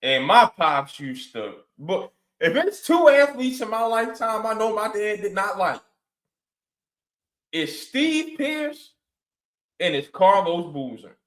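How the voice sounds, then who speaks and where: A man's voice: sits high, takes it slowly, reverberant, poor audio. A man co-hosting a sports podcast, telling stories with playful exaggeration in casual chat. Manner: animated storytelling, playful exaggeration. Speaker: podcast co-host.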